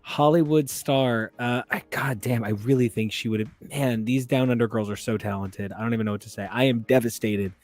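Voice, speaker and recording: A man hosting a podcast in casual chat, telling long, animated stories with lots of fillers. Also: medium pitch, brisk, hardly any pauses. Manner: rambling, animated storyteller. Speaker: podcast host.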